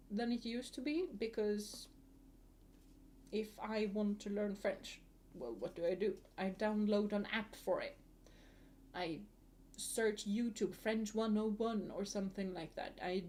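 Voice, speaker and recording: A young woman chats away in a mellow, unhurried voice, laughing often as she rambles. Her colors every word, and a faint hiss sits under the close mic. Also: a little high. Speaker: vtuber streamer. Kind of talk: casual chat to a live chat.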